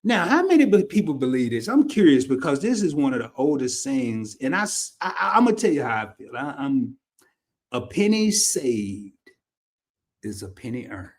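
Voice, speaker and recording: A man from Arkansas with a Southern accent, talking casually to a livestream audience. His voice sits at an ordinary pitch, and he drawls loosely through his stories with easy laughter. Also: sing-song, a little fast, hardly any pauses. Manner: laid-back, drawling, laughs often. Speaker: livestream host. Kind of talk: casual storytelling monologue.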